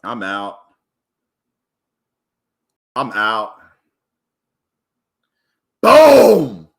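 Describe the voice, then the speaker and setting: Male streamer, loose and profane, bright and slow-talking. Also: medium pitch. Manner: excitable, profane, hypes up his wins; rambling and casual. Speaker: day trader streaming live. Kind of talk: live stream chat.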